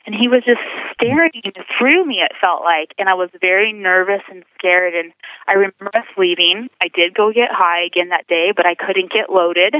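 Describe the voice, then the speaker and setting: A woman's voice: medium pitch, moderate pace, no room sound. A woman earnestly telling her life story as a guest, calling in by telephone. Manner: earnest, vivid storytelling with acted quotes. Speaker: guest sharing a testimony. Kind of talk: personal testimony over the phone. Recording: tinny phone line, dry.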